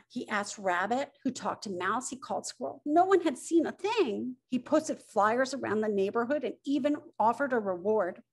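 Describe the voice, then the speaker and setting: A middle-aged woman, the author, reading her picture book aloud with expressive storytelling. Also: a little high, normal speed, few pauses. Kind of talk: children's story read-aloud.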